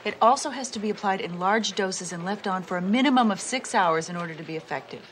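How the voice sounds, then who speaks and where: An actress playing a brisk matter-of-fact cop. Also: female voice, medium pitch, slight background noise, close to an everyday voice. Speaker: police partner.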